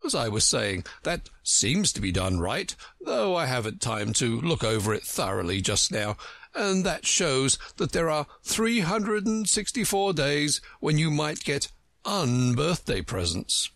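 A pompous, contemptuous egg of a know-it-all, as a man reading a storybook puts him on, lecturing with big swoops of pitch. The voice has a gravelly, husky grain. It is recorded dry. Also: measured pace, dry recording, heavily acted. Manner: pompous, contemptuous, lively lilting delivery.

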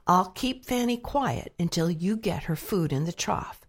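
A woman voicing a brisk, scolding female parrot in a children's storybook. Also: lowish voice, animated. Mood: bossy.

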